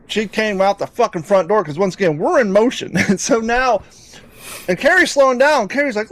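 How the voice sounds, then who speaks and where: A man with a notably high voice tells a story on a podcast, full of swearing and tangents. He sounds lively and unpolished, and the recording is dry and close with no room sound. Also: moderate pace, no room sound. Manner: animated, profane, rambling storytelling. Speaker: podcast host.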